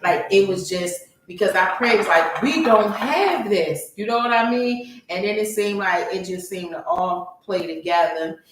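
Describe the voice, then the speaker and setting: A woman in casual podcast chat, recounting a hard stretch of her life with lively swings into high, panicked voices whenever she quotes herself. Her voice sits a little low. She is picked up from some distance in a very echoey room. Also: normal speed, a little hiss or hum. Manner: animated storytelling, voice jumps high when quoting her own panic. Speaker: podcast co-host. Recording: roomy echo, far from the mic.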